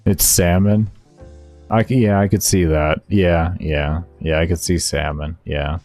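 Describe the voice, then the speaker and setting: Deep-voiced man chatting with his stream. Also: fairly even intonation, a little slow, a little mellow. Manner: laid-back, slangy, talking to viewers. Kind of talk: casual chat with live chat. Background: faint background music.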